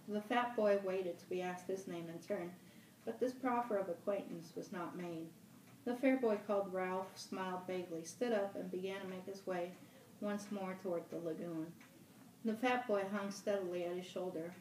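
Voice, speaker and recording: Woman library director reading a novel aloud, steady, echoey and distant. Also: lowish voice, normal speed, a little hiss or hum. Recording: roomy room, mic at a distance.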